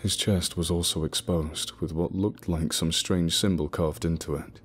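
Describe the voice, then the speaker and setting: A man narrating a spooky story in the first person, telling it in a steady, low-key way. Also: normal speed, breathy edge. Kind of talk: scripted horror narration. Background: soft music.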